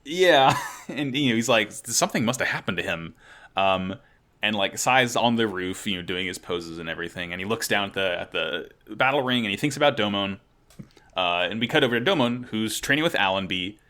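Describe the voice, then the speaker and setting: A man's voice: lowish voice, a little fast. A man co-hosting a podcast, recapping an anime with enthusiasm and frequent laughter. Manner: enthusiastic, animated, laughs often. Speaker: podcast co-host. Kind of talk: casual chat recapping an anime.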